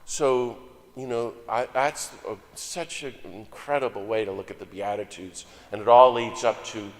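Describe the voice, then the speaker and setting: An older man preaching a lively, joking sermon as a guest speaker, swinging between loud exclamations and soft asides. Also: medium pitch, moderate pace. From United States. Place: church sanctuary. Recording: long hall reverb.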